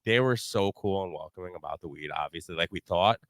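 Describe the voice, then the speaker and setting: Podcast co-host, man in his thirties, lively storyteller, smooth clear voice on a dry mic. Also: fairly quick, no echo. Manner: animated storyteller, pitch jumping up when excited. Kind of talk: casual chat.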